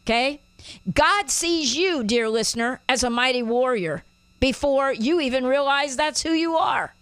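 A woman hosting a Christian talk show, teaching scripture with an emphatic, drawn-out preaching cadence. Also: high-pitched, expressive, a bit bright, clear, resonant tone, no echo. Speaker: host.

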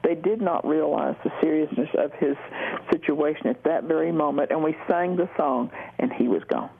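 A guest calling in to a Christian radio show, telling a personal story in a gentle, affirming way. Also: medium pitch, normal speed, gravelly, a little hiss or hum. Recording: tinny phone line.

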